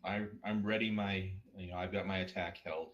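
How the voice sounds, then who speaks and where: A man's voice: deep voice, fairly even intonation, moderate pace, a bit bright, lo-fi sound. A man playing in a tabletop game, casually asking the game master questions about the rules. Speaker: player.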